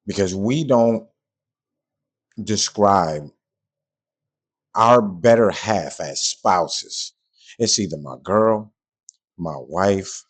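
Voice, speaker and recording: A man's voice: sits low, slightly rough. A man hosting a podcast and talking through a reaction in a casual way, blunt and frank, sometimes swearing, and repeating himself when he is puzzled. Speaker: podcast host.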